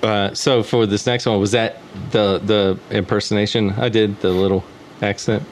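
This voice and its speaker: A man's voice: lowish voice, flat delivery, moderate pace, a little hiss or hum. A man co-hosting a casual music podcast, joking crudely and swearing often. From Southern California. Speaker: podcast co-host. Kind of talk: casual chat.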